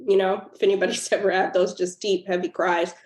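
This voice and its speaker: A woman's voice: mid-range voice, flat delivery, brisk, darkish tone. A woman guest author telling a personal story in a podcast interview, earnest and emotional. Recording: roomy echo.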